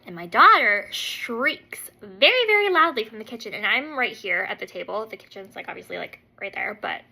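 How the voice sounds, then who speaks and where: A woman's voice: mid-range voice, normal speed, creaky, poor audio. A woman in her thirties chatting casually at her kitchen table at home, telling a rambling story full of "like" and "um". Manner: rambling, heavy use of "like" and "um"; animated storyteller who acts out quotes. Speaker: makeup vlogger.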